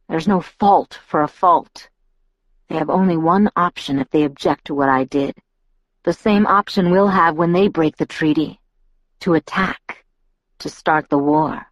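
A woman's voice: deep voice, measured pace, dry recording, poor audio. Woman voicing a bitter brooding teenage boy. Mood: grim.

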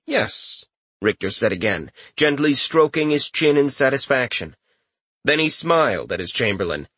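A man reading an audiobook aloud in a lively, expressive way. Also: medium pitch, moderate pace, husky, dry recording. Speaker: audiobook narrator. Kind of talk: scripted narration.

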